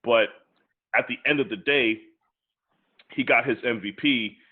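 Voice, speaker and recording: A man's voice: mid-range voice, measured pace, slightly rough. A man co-hosting a podcast, eager to make his points and laying them out in order, in casual chat. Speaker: podcast co-host. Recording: tinny phone-like line.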